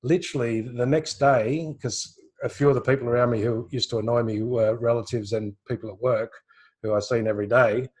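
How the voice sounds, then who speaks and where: A man's voice: mid-range voice, fairly even intonation, brisk, darkish tone, slightly rough. A man with an Australian accent, giving a live intuitive reading over a video call. He rambles casually, repeats his words and laughs often. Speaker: intuitive reader, co-host. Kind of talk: live online session, casual chat.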